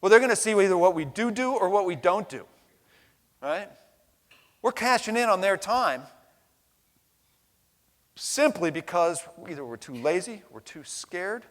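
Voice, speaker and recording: A middle-aged American man with a voice on the high side and a fairly bright tone gives an impassioned conference keynote. His manner is blunt, emphatic and profane, with frequent "right?" tags, and the large hall adds a long reverb.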